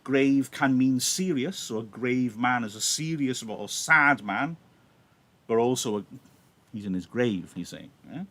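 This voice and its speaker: A man's voice: mid-range voice, animated, unhurried, a bit bright. A man with a Welsh accent, a teacher talking through a play in a conversational way and often checking in with the listener. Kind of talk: live reading with analysis.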